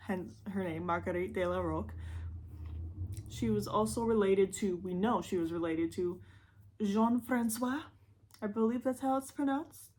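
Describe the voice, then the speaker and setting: A young woman with a Midwestern Michigan accent, telling a true-crime story in a chatty, rambling, self-deprecating way, with lively jumps in pitch for emphasis. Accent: Midwestern American, Michigan. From Michigan, USA. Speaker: YouTube host.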